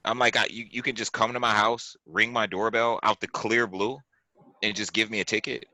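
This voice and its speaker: Low-voiced man telling a story with zest. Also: moderate pace, dry recording, poor audio. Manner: animated, emphatic, repeats himself and acts out quotes. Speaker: podcast host. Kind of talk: casual storytelling chat. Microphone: video call.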